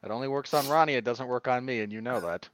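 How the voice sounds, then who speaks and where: A man's voice: mid-range voice, fast talker, fairly bright tone, no echo. A man in his thirties co-hosting a movie-review podcast, dry and sardonic, given to teasing. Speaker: podcast co-host. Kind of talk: casual movie-review chat.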